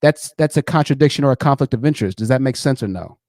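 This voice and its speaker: A man hosting a call-in debate stream, mocking and pressing his caller with fast repeated words. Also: mid-range voice, animated, darkish tone, no room sound, clean studio sound. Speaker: channel host.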